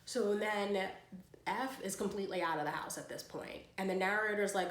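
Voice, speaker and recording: A woman's voice: mid-range voice, moderate pace. Rambling casual woman in a roomy space. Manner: rambling, slangy, filler-heavy. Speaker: book vlogger. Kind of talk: casual story summary. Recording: roomy echo.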